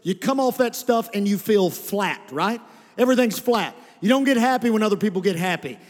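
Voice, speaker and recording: A male pastor in a church sanctuary delivers a sermon in a loose, conversational way, now and then calling on the congregation to respond. His voice sits very high for a man. The sound carries a long reverb from the hall. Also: lively intonation, a little fast. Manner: conversational preaching with calls to the congregation.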